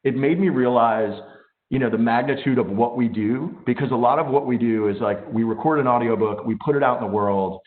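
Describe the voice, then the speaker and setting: A man recounts a work story in a relaxed, chatty way. His voice is mid-pitched. The call audio is narrow and tinny. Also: a little fast. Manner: easygoing, anecdotal. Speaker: audiobook producer. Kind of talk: casual storytelling on a video call.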